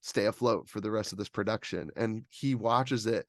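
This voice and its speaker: A man's voice: lowish voice, moderate pace, dry recording. A young man co-hosting a film podcast, talking casually and rambling with lots of "like". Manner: rambling, heavy use of "like", animated retellings. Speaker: podcast co-host reviewing films. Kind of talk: casual chat.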